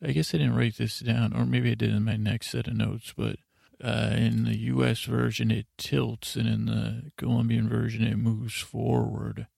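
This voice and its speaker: Gravelly, monotone man rambling a recap. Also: medium pitch, normal speed, dry recording, studio quality. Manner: meandering, drowsy monotone, many filler words. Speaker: podcast host. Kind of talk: rambling bedtime episode recap.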